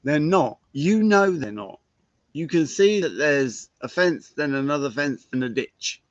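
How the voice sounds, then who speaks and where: Guy chatting about horses on a live stream, kinda high voice, asks lots of rhetorical questions, dry dull audio. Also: expressive, measured pace, dry recording. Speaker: horse trainer. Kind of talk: casual live-stream teaching talk.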